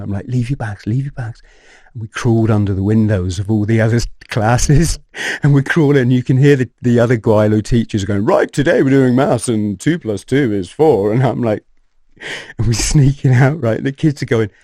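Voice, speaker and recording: A man, a podcast guest telling his personal story in an animated way, swearing and acting out scenes. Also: lowish voice, dry recording, studio quality.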